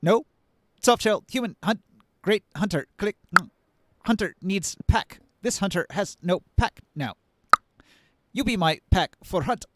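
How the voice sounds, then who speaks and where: A man's voice: sits high, lively intonation, a little slow, fairly bright tone, voice pushed up. A man voicing a mantis warrior who talks in broken, clipped phrases. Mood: eager. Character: male mantis warrior, terse clipped hunter.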